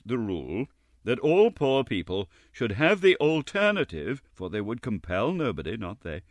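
A man reading a classic novel aloud as an audiobook narrator, expressive and wry. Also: mid-range voice, moderate pace, no room sound, studio quality.

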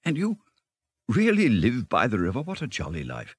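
A man's voice: mid-range voice, huge pitch swings, normal speed, breathy edge, dry recording, pitched above the performer's own voice. A man reading a storybook, voicing a shy, wondering young male mole who stammers and hesitates. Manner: hesitant, stammering, wide-eyed.

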